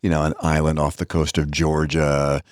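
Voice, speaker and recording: A man with a very low voice co-hosts a relaxed podcast. He is chatty and jokey and explains stories in long runs. The sound is close and dry, with no room echo. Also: normal speed. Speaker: podcast co-host. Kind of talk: casual podcast chat. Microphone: studio microphone, on camera.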